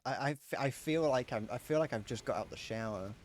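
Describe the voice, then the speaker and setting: A man's voice: medium pitch, lively intonation, fairly quick, darkish tone, a little hiss or hum. A British man chatting casually on a gaming livestream, swearing freely and laughing often. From Britain. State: sweaty while gaming. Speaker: streamer.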